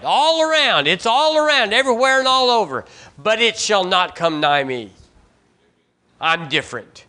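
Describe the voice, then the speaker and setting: A Southern man preaches to his congregation in a somewhat high, bright voice. He reads scripture, calls for the room to repeat after him, and drives his points home by saying phrases again and again. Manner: preaching with call-and-response and rising emphatic repetitions. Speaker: pastor. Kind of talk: sermon. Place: church sanctuary.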